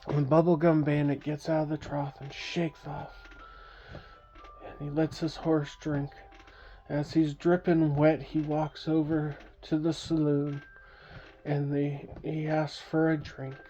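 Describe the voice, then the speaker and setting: A woman's voice: sits low, little pitch movement, takes it slowly, warm tone, faint music behind. A woman telling a playful bedtime story, making sound effects and asking her listener questions. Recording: dull lo-fi recording.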